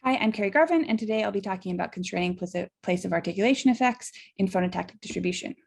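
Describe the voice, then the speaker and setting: Fast, creaky-voiced woman presenter. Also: medium pitch, expressive. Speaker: conference presenter. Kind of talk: scripted short poster talk.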